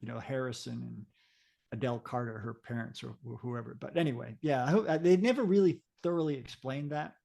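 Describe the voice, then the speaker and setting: Guy cohosting a comics podcast, rambles, lots of "you know", mid pitch. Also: fairly quick, gravelly, a little mellow. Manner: rambling, frequent fillers and restarts. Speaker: podcast co-host. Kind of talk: casual podcast chat about comics.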